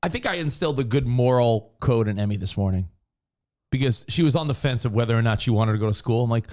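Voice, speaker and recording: A man co-hosting a talk show, chatting casually and acting out quotes in high voices. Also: fast talker. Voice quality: animated storyteller, acts out quotes in high voices. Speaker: radio show co-host. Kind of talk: casual banter.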